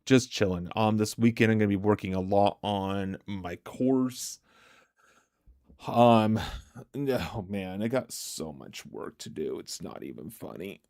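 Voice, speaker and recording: Laid-back slow-talking man streaming. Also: on the low side, lively intonation, a little mellow, no echo, clean studio sound. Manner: laughs often, answers chat aloud. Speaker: livestream host. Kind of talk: casual livestream chat with viewers. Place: home streaming setup.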